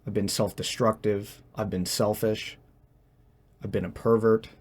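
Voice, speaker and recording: Young man, fairly low voice, hesitant, halting, tense, confessional vlog monologue. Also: little pitch movement, slightly rough. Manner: halting, hesitant, searching for words. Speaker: vlogger.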